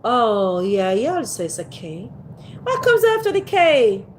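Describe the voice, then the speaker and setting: She runs a laid-back livestream off a phone set on a ring light, coaxing viewers to chat with playful teasing. Her fairly high voice swoops wildly and moves at a slow pace, with some faint background noise.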